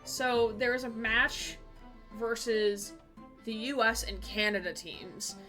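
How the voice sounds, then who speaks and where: A woman's voice: fairly high pitch, pushed and bright, faint music behind. A woman streaming a game live, chatting casually with her viewers and often laughing. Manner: giggly, chatty, quick asides to chat. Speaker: Twitch streamer playing a game with a voice partner.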